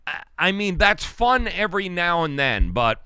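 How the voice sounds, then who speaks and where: A man hosting a sports talk show, venting about a game in a loose, rambling way. His voice is bright and clear. The sound is dry and close, with no room behind it. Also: high-pitched, sing-song, moderate pace, dry recording. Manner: rambling, exasperated, frequent restarts. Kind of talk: casual sports commentary.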